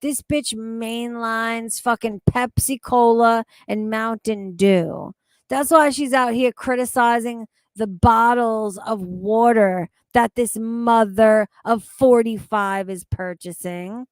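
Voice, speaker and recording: A woman's voice: on the high side, steady tone, takes it slowly, dry recording, clean studio sound. A woman streamer reacting to videos, with crude, mocking and incredulous commentary full of swearing.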